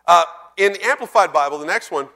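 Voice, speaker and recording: A high, bright male voice preaches a sermon in a church. He speaks conversationally and turns to his congregation with questions. He slows down to read scripture. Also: lively intonation. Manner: reads scripture slowly and deliberately.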